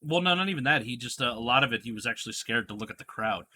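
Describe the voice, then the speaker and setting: A man's voice: medium pitch, racing, breathy edge. A man co-hosting a casual podcast chat, telling stories and acting out the quotes. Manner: animated storyteller, acts out quotes. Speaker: podcast co-host.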